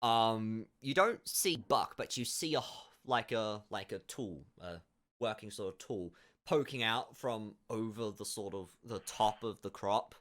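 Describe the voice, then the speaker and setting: A man's voice: on the low side, unhurried, fairly bright tone. A man narrating as game master in a casual, meandering way, with lots of fillers and restarts.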